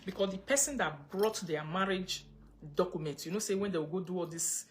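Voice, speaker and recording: A woman's voice: lowish voice, a little fast. A Nigerian woman chatting casually on a livestream, reading viewer comments and mixing pidgin with English. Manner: chatty, mixes pidgin and English, breaks into laughter. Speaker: livestream host.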